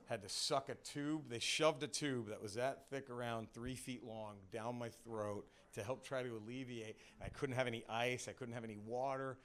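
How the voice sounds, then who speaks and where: A man's voice: mid-range voice, fairly even intonation, normal speed, hardly any pauses, fairly bright tone. A man, a stand-up comedian, telling his own story on a comedy club stage in a loose, conversational way full of "like" and "you know".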